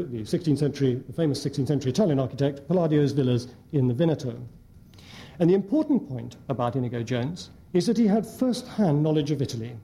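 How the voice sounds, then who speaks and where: A man lecturing an audience in a measured way, with frequent hesitant fillers. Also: on the high side, dark tone. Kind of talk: academic lecture with slides. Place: lecture hall before an audience.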